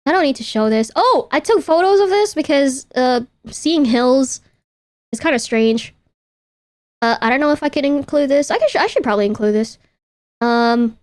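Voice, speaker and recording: A young woman with a high, light voice chats to her livestream viewers. She rambles playfully, cuts herself off mid-sentence and swears casually as she talks. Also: animated, normal speed. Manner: chatty, self-interrupting, playful, swears casually. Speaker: VTuber streamer.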